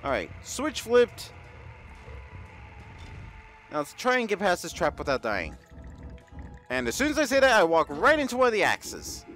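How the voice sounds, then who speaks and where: A young man commenting on his gameplay, excitable and jokey, reacting loudly to what happens. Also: sits high, moderate pace, pauses often, faint music behind. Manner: excitable, jokey, talks over the game. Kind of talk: let's-play commentary.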